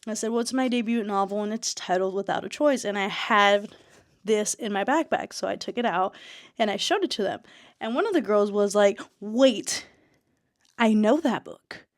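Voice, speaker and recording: Young woman, casual vlog storytelling, chatty, excitable, slightly out of breath, mid-pitched voice, dry close mic. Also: normal speed, no echo. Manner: chatty, excitable, many fillers and restarts. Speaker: author and vlogger.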